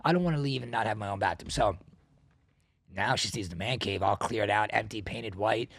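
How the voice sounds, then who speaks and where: A man's voice: on the low side, gravelly, a bit bright, no room sound. A middle-aged man hosting a podcast, telling stories in casual chat and swearing freely. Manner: fast, swearing, storytelling. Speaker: podcast host.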